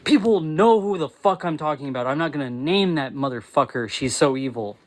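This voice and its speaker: A man hosting a live stream, ranting angrily and swearing, breaking into yelling, often restarting his phrases mid-sentence while reading and answering chat messages. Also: on the high side, animated, fairly quick, few pauses, rough recording. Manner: angry, swearing, yelling in bursts. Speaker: livestream host.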